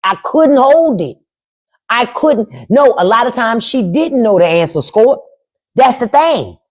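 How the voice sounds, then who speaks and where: A woman's voice: on the high side, animated, unhurried, a little mellow. A woman in her fifties hosting a casual livestream, blunt and profane, laughing as she quotes her elders. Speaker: podcast host on a livestream. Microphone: phone or webcam livestream mic.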